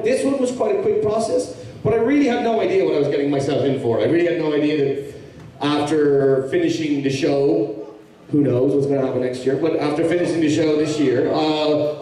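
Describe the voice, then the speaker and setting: An Irish actor, his voice a little high with a dark tone, answers questions casually as a guest on a fan convention panel. He rambles with many restarts and easy humor, recorded from a distant mic in a large, echoey hall full of audience.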